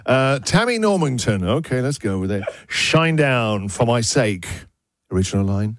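A man's voice: medium pitch, big pitch swings, normal speed, faint music behind. A man co-hosting breakfast radio, reading out misheard lyrics with playful, teasing laughter. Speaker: radio co-host.

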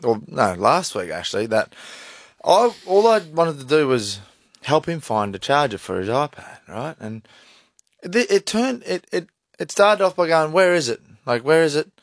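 A man's voice: a little slow, no room sound, studio quality. A man, co-hosting a casual radio chat and acting out what was said. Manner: expressive, acts out quotes with big pitch swings. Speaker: radio host.

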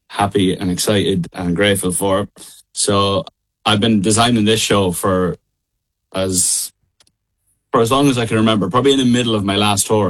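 A man's voice: fairly low pitch, a bit bright, rough recording. A young man with a midlands Irish accent, a singer chatting as an interview guest over a call, laughing often and hesitant with many fillers. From Ireland. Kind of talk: casual interview chat. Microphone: remote call.

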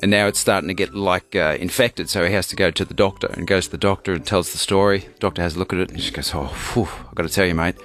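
A man hosting breakfast radio, playful and quick to laugh as he tells a joke. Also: deep voice, fairly even intonation, a bit bright, soft background music. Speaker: radio host.

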